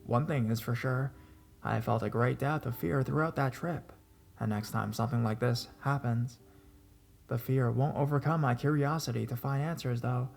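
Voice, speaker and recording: A man narrating true ghost stories in a measured reading voice, at an ordinary middle pitch. He keeps a steady storytelling pace and lifts his voice when the tension peaks. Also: creaky. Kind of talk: scripted narration of reader stories.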